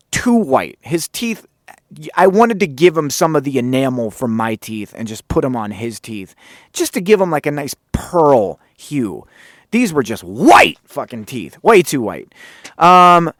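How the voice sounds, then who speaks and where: A man spinning a long story as the host of a podcast, talking loosely and animatedly, full of swearing and sarcastic asides. His voice sits at an ordinary male pitch and is recorded close and dry, with no room around it. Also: no room sound. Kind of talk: casual storytelling monologue.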